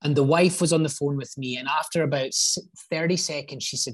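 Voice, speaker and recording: A man's voice: fairly high pitch, fairly even intonation, brisk, few pauses. A man in his forties with a Scottish accent, speaking as an interview guest. He talks in an earnest, reflective way and often restarts his sentences. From Scotland. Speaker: guest, real estate agent. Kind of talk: casual podcast interview.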